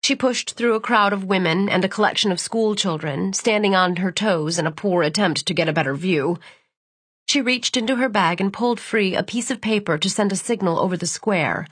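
A woman reads a novel aloud at a measured, steady pace, her voice soft and breathy at mid pitch. The recording is close and completely dry, with no echo and nothing heard behind her. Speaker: audiobook narrator. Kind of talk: scripted narration.

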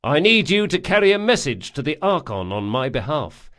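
A man reading an audiobook, voicing a bold young pirate captain who gives brisk orders to his crew. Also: a little high, big pitch swings, fairly bright tone, voice pushed up. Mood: defiant. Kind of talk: audiobook character voice.

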